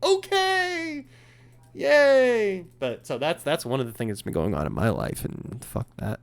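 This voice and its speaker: A man's voice: medium pitch, a little fast, gravelly. A man hosting a casual chat, telling an angry story with lots of swearing and acted-out quotes. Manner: profane, animated, acts out quotes. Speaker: podcast host.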